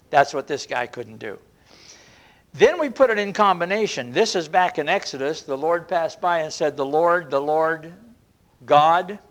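Earnest preacher man, slightly high voice. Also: expressive, fairly bright tone. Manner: earnest, drawn-out emphasis with frequent restarts. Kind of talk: sermon.

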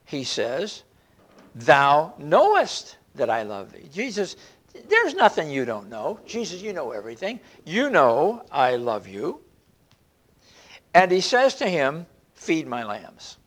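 A man preaching an expository sermon, animated, slowing down to stress scripture quotes and often restarting his sentences. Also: fairly high pitch.

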